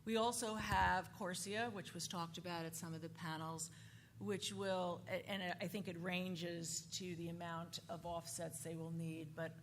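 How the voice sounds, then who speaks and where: A woman speaking on a conference panel, halting and often restarting her sentences. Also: fairly low pitch, steady tone. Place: conference hall. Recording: conference hall reverb, faint noise.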